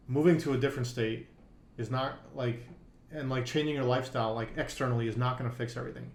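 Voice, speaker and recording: A man's voice: mid-range voice, reverberant. A man co-hosting a poker podcast, telling a long story in casual conversation, with many fillers and restarts.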